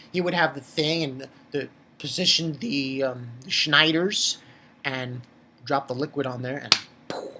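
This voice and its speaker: Dude rambling through a manga chapter review, gets all excited and loud in spots. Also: male voice, slight background noise. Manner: excitable and rambling, jumps up in pitch when worked up.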